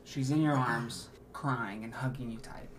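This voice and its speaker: A man narrating as game master, laying out scenes in a relaxed, descriptive voice. He restarts phrases as he thinks aloud. A faint hiss of ambience sits under his voice. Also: mid-range voice, unhurried.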